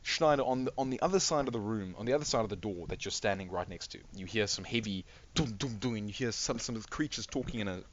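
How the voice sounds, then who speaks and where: A man serves as game master, painting the scene in loose, meandering sentences that keep doubling back. His voice sits slightly low. The mic sounds muffled and lo-fi. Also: fast, few pauses, slight background noise. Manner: rambling, self-correcting descriptions. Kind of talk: narrating a tabletop game.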